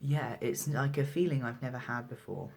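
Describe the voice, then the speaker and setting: A young trans man speaks casually to camera, recounting his own experience. He talks at a middle pitch and hesitates often, with plenty of ums and restarts. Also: moderate pace, gravelly, darkish tone, breathy edge. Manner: hesitant, many fillers and restarts. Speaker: midwife and vlogger. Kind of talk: casual personal storytelling to camera.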